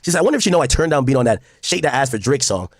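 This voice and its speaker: A man's voice: medium pitch, big pitch swings, racing, no echo, clean studio sound. A man streaming casual commentary to his chat, reading posts aloud and reacting bluntly, with frequent profanity.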